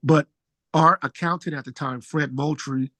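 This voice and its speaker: A man's voice: moderate pace, no echo. A middle-aged man, a musician, telling stories casually in an interview, acting out what people said with big jumps in his voice. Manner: animated storyteller, acts out quotes with big pitch jumps.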